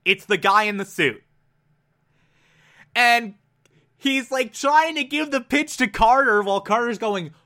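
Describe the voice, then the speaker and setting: Excitable high-voiced man gushing. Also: normal speed. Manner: excitable, gushing, repeats words for emphasis, acts out quotes. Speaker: TV episode reviewer. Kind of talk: enthusiastic episode recap.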